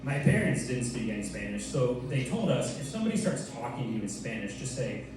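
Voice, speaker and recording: A young man performing a stand-up comedy set in a loose, playful way, slipping in quick put-on voices. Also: medium pitch, sing-song, over music. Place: comedy club stage with audience laughter. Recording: roomy, distant club recording with loud room noise.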